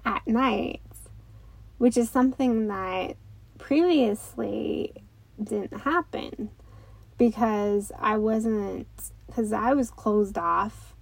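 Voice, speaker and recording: A woman in her thirties, a mother and host, talking gently and reflectively in a casual way, with many fillers. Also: mid-range voice, gravelly, no room sound, poor audio. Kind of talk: casual talk.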